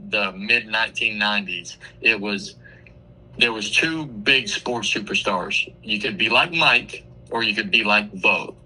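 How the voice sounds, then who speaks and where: A man, a comedian guest on a radio show, telling a crude, profane story in a casual, animated way. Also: fairly low pitch, poor audio. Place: radio studio.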